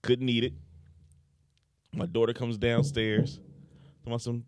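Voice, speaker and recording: A man on a casual group podcast, telling a sad personal story slowly and with feeling. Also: medium pitch, completely flat delivery, a little mellow, clean tone, dry recording, clean studio sound.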